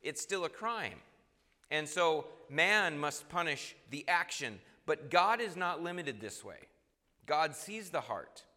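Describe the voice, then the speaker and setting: Man preaching, bright forceful voice, earnest, echoing church hall. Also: on the high side, animated, slow pace. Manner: earnest, acts out quoted voices with sudden loud jumps. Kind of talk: sermon. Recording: long reverb in a large hall.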